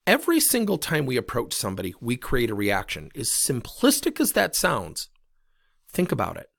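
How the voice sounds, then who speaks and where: A man's voice: medium pitch, normal speed, creaky, no room sound, studio quality. A man teaching leadership coaching, telling a story and acting out the dialogue. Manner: animated, retells conversations with quoted dialogue.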